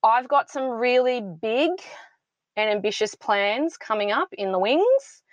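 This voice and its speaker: A woman's voice: on the high side, animated, measured pace, dry recording. A woman, speaking passionately and emphatically as an interview guest. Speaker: podcast guest, founder of a mothers' support club. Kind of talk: heartfelt interview talk.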